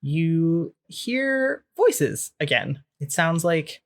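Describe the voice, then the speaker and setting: A man's voice: a little high, sing-song, extremely slow. A man running a tabletop game as game master, describing scenes in a loose, conversational way with frequent fillers.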